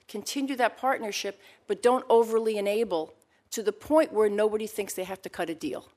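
Earnest woman testifying at a hearing. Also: mid-range voice. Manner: earnest, emphatic, with frequent restarts. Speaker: expert witness at a hearing.

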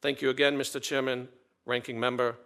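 A man reads formal prepared testimony before a committee. His delivery is measured and deliberate, at a middle pitch. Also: little pitch movement, creaky, fairly bright tone. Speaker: ambassador nominee testifying.

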